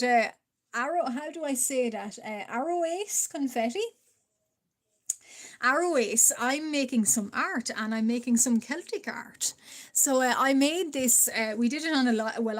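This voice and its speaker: A higher-pitched Irish woman talks casually to her live chat as she draws. Her voice is stuffy from allergies, with the odd cough. She chats in loose bursts full of "uh" and quick hellos to viewers. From Ireland. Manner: chatty, greets viewers, frequent fillers and laughs. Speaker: live-stream artist. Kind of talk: casual live-stream chat while drawing.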